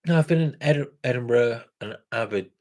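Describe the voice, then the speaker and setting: A man hosting a craft beer channel chats casually with viewers in a mid-range, slightly mellow voice at a moderate pace. He rambles, corrects himself, and chuckles along the way.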